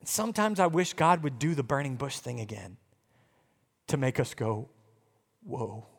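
A pastor preaching a sermon in a conversational way, shifting between hushed and loud passages. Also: male voice, medium pitch, sing-song, normal speed. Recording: long hall reverb.

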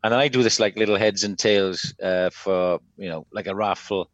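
A man's voice: sits low, steady tone, normal speed, no room sound, dull audio. Chatty Welsh man telling stories. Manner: chatty anecdotal storyteller. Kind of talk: casual chat, storytelling.

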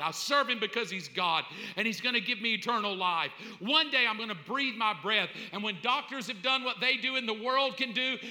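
A man preaching a sermon in an animated way, acting out little scenes and laughing as he goes. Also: very high-pitched. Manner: animated, acts out voices, laughs. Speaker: pastor. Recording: long hall reverb.

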